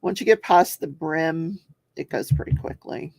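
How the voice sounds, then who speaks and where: In a clean studio recording with no echo, an older woman speaks a little slowly in a low, creaky, slightly mellow voice. She hosts a crafting and true-crime talk show on a casual livestream, reading viewer comments aloud as she crafts and laughing often.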